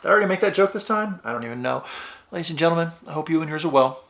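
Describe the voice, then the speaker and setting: Bright-voiced man rambling through a review. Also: a little high, expressive, racing, gravelly. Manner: rambling, jokey, talks to viewers. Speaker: board game reviewer. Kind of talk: casual review vlog.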